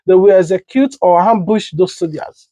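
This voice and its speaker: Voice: mid-range voice, normal speed, warm tone, no room sound, low-quality recording. A news blog host giving exasperated, emphatic commentary on current events.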